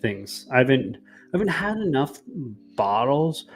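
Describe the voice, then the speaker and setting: A man in casual chat at a whiskey tasting, relaxed and tipsy, going hoarse as he talks about flavors. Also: medium pitch, a little slow, faint music behind. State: losing his voice.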